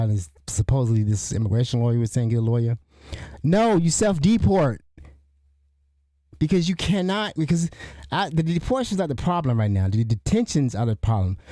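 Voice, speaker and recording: Middle-aged male podcast host, indignant off-the-cuff commentary, dark tone, mid pitch. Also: no room sound, studio quality. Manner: rambling, indignant, restarts often. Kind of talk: casual spoken commentary.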